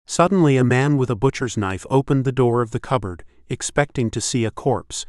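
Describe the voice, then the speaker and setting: A man reading an audiobook in scripted narration, steady and measured. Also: medium pitch, no room sound, studio quality.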